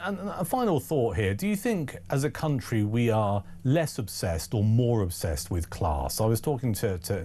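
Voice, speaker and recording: Late-night talk radio host, male, animated intonation, relaxed warm timbre. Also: medium pitch, slight background noise. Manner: conversational, lively questioning.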